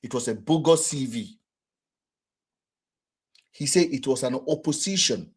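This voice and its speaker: A man with a Nigerian accent giving casual, rhetorical commentary in a husky voice. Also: mid-range voice, a little slow. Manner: animated, rhetorical, acts out quotes. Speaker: vlogger and commentator.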